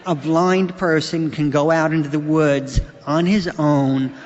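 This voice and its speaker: A middle-aged man telling wry anecdotes as a guest speaker on a festival stage, halting with fillers. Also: a little high, fairly even intonation. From United States. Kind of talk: stage talk at a writers festival. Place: large hall on stage. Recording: dull lo-fi audio with long hall reverb.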